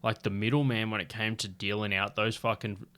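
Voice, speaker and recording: A man's voice: fairly low pitch, little pitch movement, fairly quick, a bit bright. An Australian man, a comedian, telling loose, rambling stories full of swearing in a casual chat. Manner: loose, rambling, profanity-heavy storytelling.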